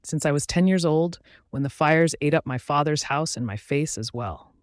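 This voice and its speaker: A man narrating a first-person romance audiobook with an even, steady reading. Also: fairly high pitch, normal speed, no echo, clean studio sound.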